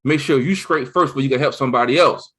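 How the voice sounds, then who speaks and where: A man co-hosting a casual chat, talking excitedly and rambling, with many restarts. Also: medium pitch, fast. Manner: excited, rambling, with lots of restarts and "you see what I'm saying". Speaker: co-host.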